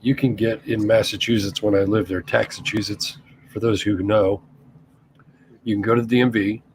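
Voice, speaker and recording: A man in casual podcast chat, wry and quick to laugh, who tells stories and swears freely. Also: on the low side, flat delivery, slight background noise. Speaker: co-host.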